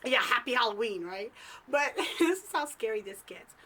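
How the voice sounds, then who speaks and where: A woman vlog host telling a story to camera in a chatty, animated way, full of "like" fillers. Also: a little high, normal speed. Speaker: psychic medium and vlog host.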